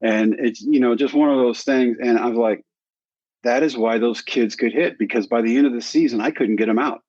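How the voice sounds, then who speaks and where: Animated older man telling a story. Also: medium pitch, brisk, no echo. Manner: animated storyteller who acts out quoted dialogue. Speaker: guest. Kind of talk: storytelling in a sit-down conversation. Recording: dry, slightly dull recording.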